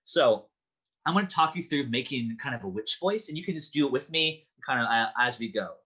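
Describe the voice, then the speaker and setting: A man's voice: mid-range voice, lively intonation, a little fast, pushed and bright, husky. A man teaching an online acting class, explaining and demonstrating voices in a friendly way. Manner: friendly, demonstrative, with vocal sounds and asides.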